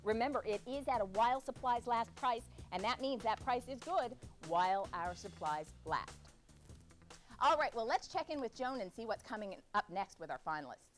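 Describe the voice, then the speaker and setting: A woman hosting a live shopping broadcast, chatting with callers in a bright, reassuring sales manner. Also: on the high side, lively intonation, normal speed, soft background music. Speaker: shopping channel host.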